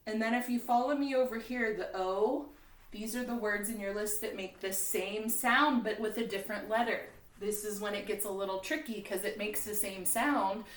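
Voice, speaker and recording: A woman teaching a second grade spelling lesson in a cheerful, encouraging way, slowly sounding out words for young children. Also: mid-range voice, fairly even intonation. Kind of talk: recorded classroom lesson. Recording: roomy, from a distance.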